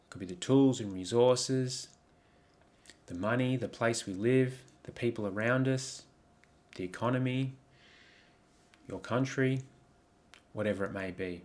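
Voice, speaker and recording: Low-voiced man coaching through slides. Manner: reflective, asks many questions, frequent ums and restarts. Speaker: life coach. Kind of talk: coaching presentation over slides.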